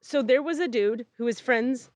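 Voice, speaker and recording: A woman's voice: on the high side, normal speed, no room sound. A woman hosting a podcast, telling a story in casual chat, acting out the people she quotes and swearing freely, recorded outdoors in a back yard. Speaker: podcast host.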